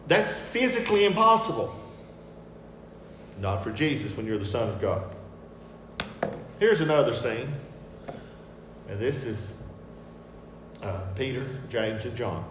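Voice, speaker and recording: A man preaching a sermon with picture slides, emphatic and repetitive, shifting between soft asides and loud declarations. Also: mid-range voice, a little slow, long pauses, background noise. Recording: echoey hall with faint ambience.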